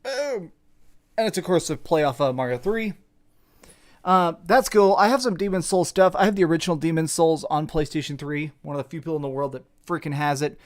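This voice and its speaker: Young guy streaming, slightly high voice, cracks jokes at himself, reads out chat. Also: fairly quick. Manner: joking, self-mocking, rambling. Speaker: streamer reading super chats. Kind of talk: casual live stream chat. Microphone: desk mic with face cam.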